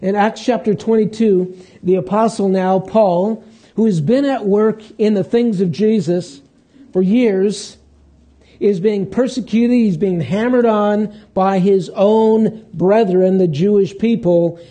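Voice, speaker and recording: A man preaching a sermon in a conversational way, pausing and restarting as he walks through scripture. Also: high-pitched, warm tone. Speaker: pastor.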